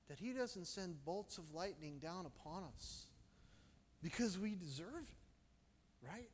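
A man preaching a sermon as pastor, telling personal stories and swinging from loud to hushed. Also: high-pitched, big-room sound.

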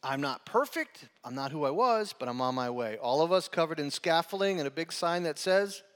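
A pastor delivering a sermon in a relaxed, conversational way, often checking in with his listeners with "right?". His voice sits a little high for a man. The sound carries a long reverb from a large hall. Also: moderate pace. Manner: conversational preaching, frequent "right?" check-ins.

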